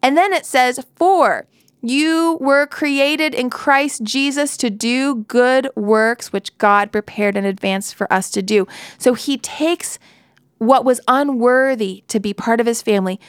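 A woman's voice: high-pitched, clear, resonant tone, dry recording, studio quality. Earnest woman preaching a casual sermon. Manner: earnest, conversational, with playful asides and quick laughs.

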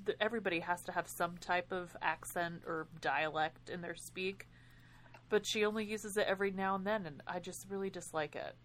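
A woman co-hosting a podcast, talking about a book in an animated way and laughing often. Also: mid-range voice. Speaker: podcast co-host. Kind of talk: casual book discussion.

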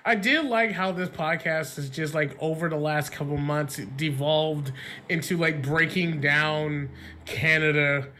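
A man's voice: fairly high pitch, a little slow, sharp tone, a little hiss or hum. A man in his thirties co-hosting a podcast, rambling and laughing through the banter. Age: 30s. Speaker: podcast co-host.

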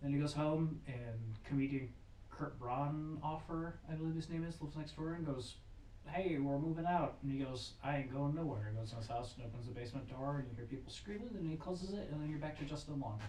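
Heard from a distance in a roomy, echoing space with faint noise behind, a man with a slightly higher voice recaps a movie in loose, casual chat. He acts out characters' lines in quick little quotes as he goes. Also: darkish tone. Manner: retells scenes with quick put-on quotes. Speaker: podcast co-host. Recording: echoey room, distant mic, faint noise.

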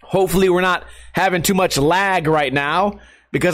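A man's voice: high voice, normal speed, fairly bright tone. A young man skateboarder ranting to his viewers in a sarcastic, profane, self-mocking way. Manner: sarcastic, profane, laughing at himself. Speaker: skateboarder and online streamer. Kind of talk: casual rant to viewers.

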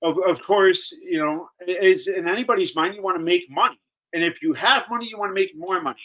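A man talks as a guest on a live show, stopping and restarting his sentences as he works his thoughts out. His voice sits high, bright and forward. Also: poor audio. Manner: halting, repeats words, flustered. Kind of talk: live talk show discussion.

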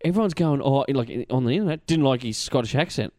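A man with an Australian accent hosting a casual podcast, animated and swearing freely. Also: fairly high pitch, fast talker, no room sound, clean studio sound. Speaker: podcast host.

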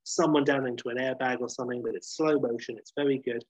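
A man's voice: medium pitch, fairly even intonation, fast talker, no echo, rough recording. A man casually retelling a TV episode scene by scene, swearing freely and acting out the characters' lines. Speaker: recapping a TV episode.

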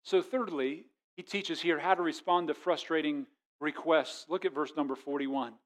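A middle-aged man preaching a sermon as a pastor, conversational and storytelling, often restarting his words and swinging from quiet to loud. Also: a little high, steady tone, normal speed.

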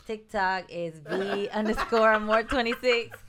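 A woman's voice: medium pitch, unhurried, background noise. A woman guest in casual chat, playful and teasing.

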